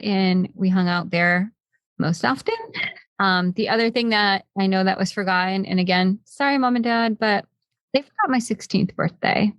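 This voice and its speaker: A woman hosting a podcast, telling stories in an animated, chatty way with many filler "like"s. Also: medium pitch, dry recording. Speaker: podcast host. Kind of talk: casual chat.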